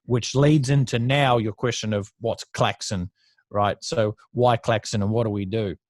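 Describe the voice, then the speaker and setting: Blunt, profane Australian man, lowish voice. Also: steady tone, measured pace, no echo. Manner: blunt and profane, laughs often. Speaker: podcast guest. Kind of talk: casual storytelling interview.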